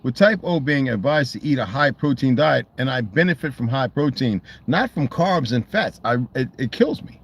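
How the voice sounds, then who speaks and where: A man's voice: medium pitch, expressive, normal speed, few pauses, breathy edge. A man talking in a loose, rambling monologue, swearing freely and restarting his sentences. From United States. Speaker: channel host.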